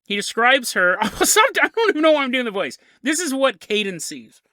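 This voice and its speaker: Bright, animated podcast host storyteller. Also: male voice, very high-pitched, fairly quick, no echo, studio quality. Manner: jokey, rambling, laughs at his own asides.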